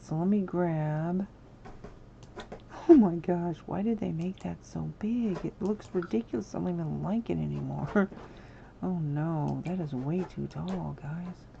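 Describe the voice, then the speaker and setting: A woman's voice: fairly low pitch, measured pace, vocal fry, dark tone, lo-fi sound, slight background noise. A woman hosting a live game stream, chatting casually and apologetically with her viewers and breaking into sudden exclamations. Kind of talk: casual livestream chat while building in a game.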